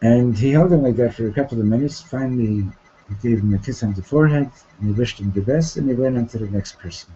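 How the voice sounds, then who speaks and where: Man telling a story in class, halting. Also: mid-range voice, mellow, dull audio, a little hiss or hum. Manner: halting, repeats words and restarts, asks "Okay? Right?". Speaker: teacher. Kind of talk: storytelling lesson.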